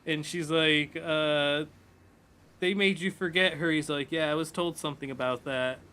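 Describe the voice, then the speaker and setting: A man with a fairly high, bright voice talks loosely and at length. He swears freely and keeps slipping into quoted lines as he retells a story. It sounds like casual chat from a streamer. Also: steady tone, normal speed, clean tone.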